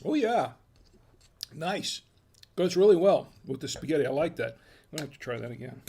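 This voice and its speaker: A man's voice: on the high side, expressive, moderate pace, vocal fry, mellow, husky. An American man hosting a casual wine tasting, chatty and folksy, murmuring as he samples food and wine. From United States. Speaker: wine review host.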